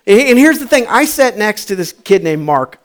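A man preaching a sermon, telling funny stories from his school days and then pressing his point with animated, rising emphasis. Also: high-pitched, moderate pace. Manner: animated storytelling with humor. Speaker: pastor.

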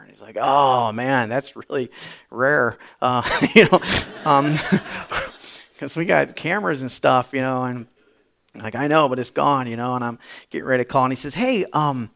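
A male pastor telling a story in a sermon, chatty and repetitive, building to loud emphatic bursts. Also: medium pitch, normal speed, vocal fry.

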